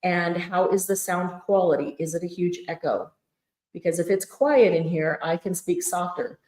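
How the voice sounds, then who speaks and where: A woman hosting a live craft fundraiser sale, chatting excitedly and greeting viewers by name, recorded in a large room on a mic draped with fabric. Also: lowish voice, normal speed. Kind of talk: live-stream chat. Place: large echoey event room at a craft retreat. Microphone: fixed room mic draped with fabric. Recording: echoey room, muffled tunnel sound.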